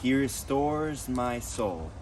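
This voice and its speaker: A man reading scripture aloud in a measured, solemn way, recorded outdoors. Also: mid-range voice, lively intonation, a loud crowd. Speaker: scripture narrator. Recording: distant voice over loud outdoor street noise.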